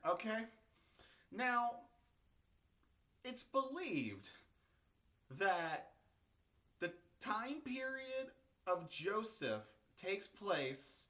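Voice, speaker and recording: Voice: mid-range voice, a bit bright. A video host retelling a bible story and history in a casual, irreverent, crude, rambling way.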